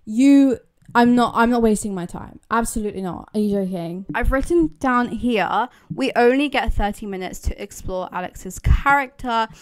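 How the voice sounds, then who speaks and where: British woman, young adult, smooth clear voice, chatty and emphatic, casual commentary. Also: a little high, normal speed. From Britain. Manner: chatty, emphatic, repeats words for stress. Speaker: YouTuber.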